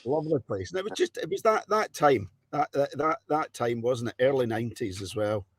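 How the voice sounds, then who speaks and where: A man's voice: mid-range voice, brisk. A middle-aged man hosting a casual podcast chat, asking questions and reminiscing. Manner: relaxed, reminiscing, asks questions.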